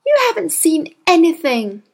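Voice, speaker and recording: A woman voicing a kind, timid young woman teacher who speaks softly and apologetically in a storybook reading. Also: very high voice, sing-song, moderate pace, gravelly, voice pushed up, exaggerated voice. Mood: gentle. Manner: soft, gentle, apologetic.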